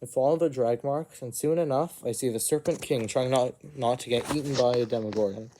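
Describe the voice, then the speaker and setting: A man's voice: mid-range voice, fairly quick, mellow, slight background noise. A man telling an improvised first-person fantasy story, rambling, with frequent asides and self-corrections.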